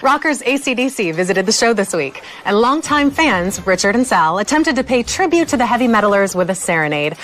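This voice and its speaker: A woman's voice: mid-range voice, big pitch swings, brisk, few pauses, fairly bright tone, slight background noise. A woman co-hosting a radio recap, reading clip introductions with dry teasing jokes. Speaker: co-host. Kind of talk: scripted recap narration.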